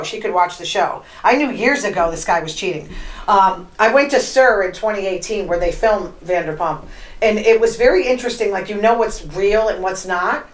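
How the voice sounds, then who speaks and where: A woman hosting a podcast, chatting in an opinionated, animated way as she retells gossip and quotes people. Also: mid-range voice, echoey room, low-quality recording. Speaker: podcast host. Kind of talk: casual gossip monologue.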